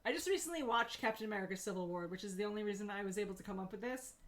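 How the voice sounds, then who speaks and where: A woman co-hosting a beer and comics stream, casual and giggly, laughing often and breaking into playful shouts. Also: medium pitch, racing. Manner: playful, loud bursts of shouting. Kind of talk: casual chat.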